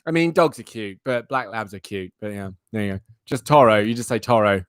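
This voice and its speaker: A man's voice: on the low side, animated, brisk, clear, resonant tone, dry recording. A young man hosting a live stream, chatting in a playful, rambling, self-mocking way. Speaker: livestream host. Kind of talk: casual live-stream chat.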